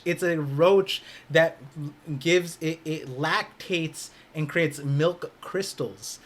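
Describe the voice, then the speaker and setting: A man's voice: a little high, slow pace. A young man co-hosting a podcast in casual chat, rambling with many restarts and fillers. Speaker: podcast co-host.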